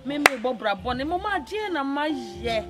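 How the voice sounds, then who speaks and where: A woman's voice: sits high, big pitch swings, normal speed, over loud music. An actress with a Ghanaian accent playing a heartbroken young woman who pleads tearfully over a lost lover. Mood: upset. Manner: tearful, pleading, repeats "Mama". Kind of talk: film drama acting.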